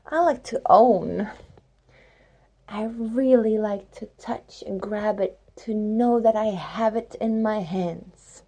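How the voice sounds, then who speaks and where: A woman's voice: medium pitch, slow pace, warm tone, slight background noise. A woman hosting a spiritual talk in a rambling, reflective monologue with playful rhymes and many fillers. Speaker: spiritual podcast host.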